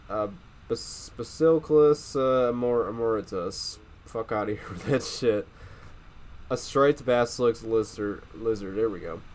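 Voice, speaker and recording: A man's voice: mid-range voice, slight background noise. A man reading a novel aloud, rambling and swearing freely as he sums up the plot and jokes at himself, still getting over a cold. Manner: rambling and profane, laughs at himself. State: recovering from a cold. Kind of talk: casual reading aloud with commentary.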